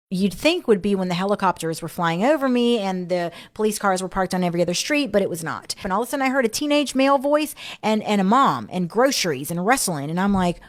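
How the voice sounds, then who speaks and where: A woman tells a story with lively, vivid detail, caught up in what she describes. Her voice sits at a middle pitch for a woman. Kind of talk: casual storytelling.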